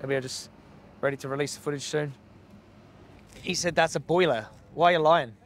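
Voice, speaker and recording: A man with a slightly high, brisk voice confronts people outdoors near a slaughterhouse. He's an animal rights activist, blunt, heckling and swearing heavily, and a handheld camera records him.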